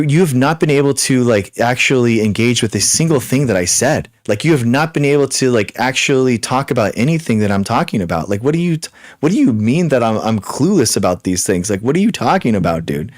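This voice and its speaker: Host, male, young adult; quick, repetitive live-chat delivery, mid pitch, dry close mic. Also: sing-song, no echo. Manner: rapid, repetitive, exasperated with restarts. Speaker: livestream host. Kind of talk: live Q and A chat reading viewer comments.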